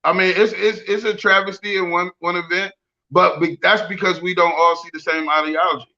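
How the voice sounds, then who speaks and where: A man hosting a podcast, talking casually and profanely, breaking into loud, ranting bits. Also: high voice, fairly even intonation, a little fast, muffled recording. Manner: profane, boisterous, swings into loud rants. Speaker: podcast host. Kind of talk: casual chat.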